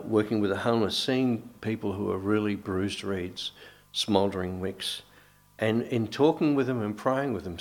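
A middle-aged male preacher with a lowish voice delivers a sermon. He talks in a conversational, unpolished way, stopping to restart phrases and drop in asides to the congregation. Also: vocal fry.

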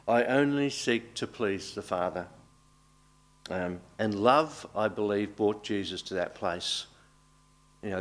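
Earnest pastor man with a lowish voice. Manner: earnest, halting with restarts and pauses. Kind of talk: baptism sermon.

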